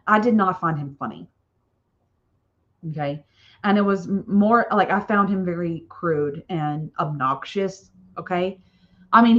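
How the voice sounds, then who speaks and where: Chatty low-voiced woman, muffled audio. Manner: chatty and rambling, frequent "okay?" tags and laughs. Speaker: author hosting a book launch live stream. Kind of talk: casual live-stream chat.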